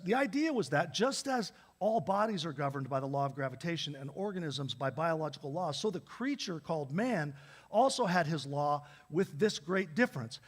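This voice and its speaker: High-voiced man preaching a sermon. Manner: storytelling, conversational with repeated restarts. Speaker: pastor. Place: church.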